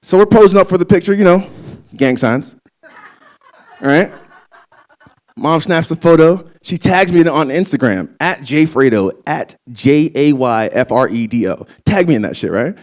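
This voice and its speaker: A man's voice: a little high, animated, a little slow. A young man working a crowd in a stand-up set, talking loosely and swearing freely as he spins his stories. His delivery is casual and conversational, in a live comedy venue. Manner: loose, profane, conversational storytelling.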